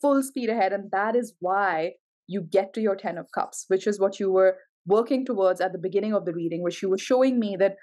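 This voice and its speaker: Tarot reader, female, effusive and emotional, calls out cards with excited exclamations. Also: medium pitch, fairly quick. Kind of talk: tarot reading to camera.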